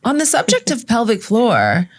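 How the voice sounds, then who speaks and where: A woman's voice: on the high side, huge pitch swings, moderate pace, breathy edge. A woman hosting a podcast, asking questions and teasing her guest playfully. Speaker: podcast host. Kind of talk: casual interview.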